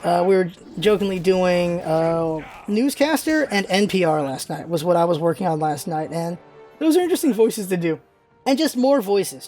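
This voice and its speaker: A man's voice: high voice, gravelly, darkish tone. A man hosting a casual vlog, rambling loosely with many fillers and restarts. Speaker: vlog host. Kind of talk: casual chat.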